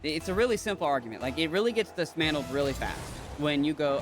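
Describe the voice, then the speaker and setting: Man, podcast host, rambling emphatic rant, voice pitched a bit high, faint music behind. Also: animated, fast, few pauses. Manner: rambling, emphatic, with restarts and swearing. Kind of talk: casual ranting chat while gaming.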